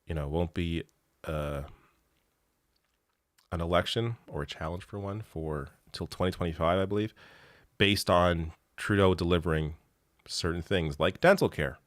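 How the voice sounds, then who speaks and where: A man's voice: sits low, moderate pace, long pauses, no echo, clean studio sound. A man hosting a live show, chatting casually and reading viewer comments in a rambling way, laughing often and swearing freely.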